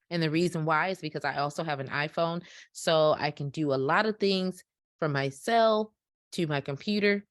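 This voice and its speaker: A woman's voice: low voice, dry recording, clean studio sound. A woman teaching a step-by-step business lesson, stressing key points and checking in with her listeners. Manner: emphatic, repeats key points with check-ins. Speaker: dispatching business instructor. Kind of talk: instructional walkthrough. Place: home office.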